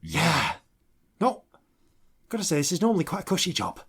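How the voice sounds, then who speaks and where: Brief: man playing a rambling, higher-pitched fifties cleaner woman, flustered and chatty. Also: wildly swooping pitch, moderate pace, fairly bright tone, slightly rough, heavily acted. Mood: wry. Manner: rambling, full of hesitations.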